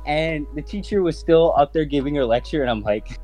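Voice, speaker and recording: A man's voice: fairly high pitch, a little fast, soft background music. A man in his twenties telling a story on a podcast, swearing freely and acting out the voices in his tale. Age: 20s. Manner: profane, animated, acts out voices in his stories. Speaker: podcast host. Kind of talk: casual storytelling.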